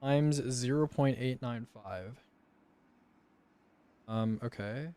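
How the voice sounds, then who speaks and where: A man's voice: medium pitch, slow, mellow. A young man streamer chatting casually and slangily while he plays. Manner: laid-back and slangy, often says "bro". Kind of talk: casual live-stream chat.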